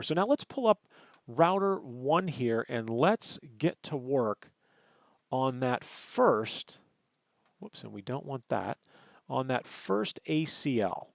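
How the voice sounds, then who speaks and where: Brief animated male lecturer who checks himself and leans on key words, close dry mic. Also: mid-range voice, creaky, no echo. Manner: thinks aloud, self-correcting, stresses terms, asks "right?". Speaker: networking instructor. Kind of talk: screen-recorded lecture.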